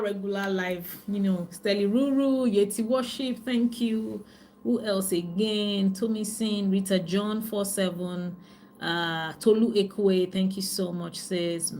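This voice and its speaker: Nigerian woman coach, middle-aged, casual live-stream host, talkative, mid-pitched voice. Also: a little hiss or hum. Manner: chatty, animated, reads out viewer comments. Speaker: life and business coach.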